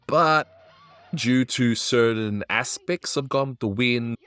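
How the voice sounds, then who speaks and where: A man's voice: mid-range voice, takes it slowly, a bit bright, clean tone, no room sound, faint music behind. A man hosting a cartoon review, chatting casually with wry asides.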